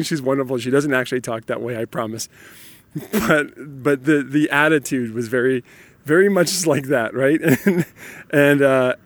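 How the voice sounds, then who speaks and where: With a slightly high voice and no echo on the recording, a dad in his thirties or forties gives an animated, informal monologue of parenting stories, laughing frequently.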